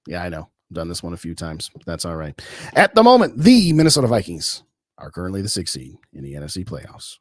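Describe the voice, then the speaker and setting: A man's voice: sits low, darkish tone, dry recording, studio quality. A man hosting a sports podcast, chatting casually and answering viewer comments in an opinionated, colloquial way. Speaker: podcast host. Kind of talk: casual live-stream sports talk.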